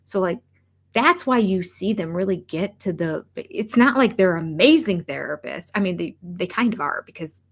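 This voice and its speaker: Chatty woman host, low and candid. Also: lively intonation, moderate pace. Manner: chatty, candid, self-interrupting, laughs at herself. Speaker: reality TV review host. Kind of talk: casual live-stream chat.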